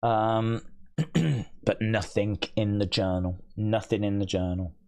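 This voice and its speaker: A man's voice: lowish voice, fairly even intonation, slow pace, warm tone. A man hosting a live wrestling watch-along, rambling and musing aloud as he reads viewer comments. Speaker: wrestling stream host.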